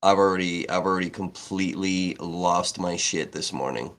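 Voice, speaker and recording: A man's voice: low-pitched, moderate pace, fairly bright tone. A man live-streaming, telling a rambling, heated story in casual chat, swearing freely and restarting his sentences. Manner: heated, profane, with frequent restarts.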